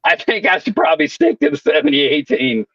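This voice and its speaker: A man's voice: high voice, wildly swooping pitch, a little fast, vocal fry, a bit bright, slightly rough, no room sound, dull audio. A man telling rowdy work stories in casual, profane chat, swearing constantly. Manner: swaggering storyteller, swears constantly. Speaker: welder co-host.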